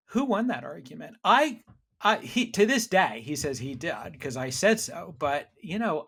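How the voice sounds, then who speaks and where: Middle-aged male author guest, gravelly, animated storyteller, chatty. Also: mid-range voice. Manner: animated storyteller with frequent restarts. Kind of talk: conversational interview storytelling.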